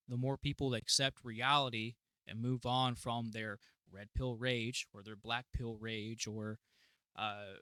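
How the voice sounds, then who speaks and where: Profane, excitable man reacting casually. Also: mid-range voice, smooth, no room sound, clean studio sound. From United States. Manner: profane, excitable, laughing often. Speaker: reaction channel host.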